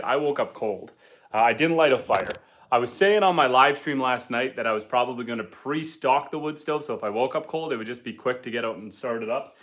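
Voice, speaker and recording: Bright-voiced homesteader chatting on a livestream. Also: male voice, medium pitch. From Canada. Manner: easygoing, chatty, with frequent ums and uhs. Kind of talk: casual livestream chat, reading viewer comments. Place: indoors at home by a wood stove fire.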